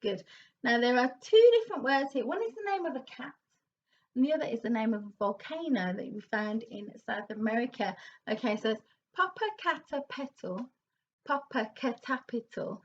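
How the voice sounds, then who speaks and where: A woman vocal coach leading a warm-up lesson, counting in and demonstrating exercises with encouraging remarks. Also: on the high side, a little fast, highs cut off, slight background noise.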